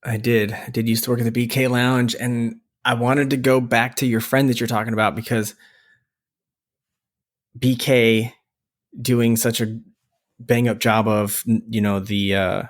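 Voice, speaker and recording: Chatty man with a high, squeaky voice. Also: level tone, unhurried. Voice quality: self-described high, squeaky voice. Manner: playful, rambling with restarts. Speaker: podcast co-host. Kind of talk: casual chat.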